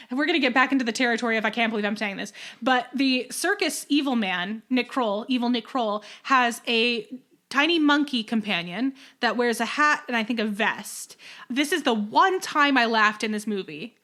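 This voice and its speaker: A young woman co-hosting a podcast, ranting in animated casual chat. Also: a little high. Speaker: podcast co-host.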